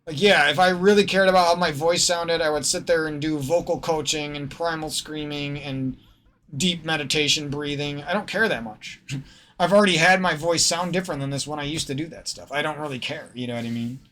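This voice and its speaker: A man with a slightly nasal Midwestern American accent streams games and rants in a profane, meandering vlog, often stopping himself mid-sentence. His voice is fairly high, brisk, pushed, and bright.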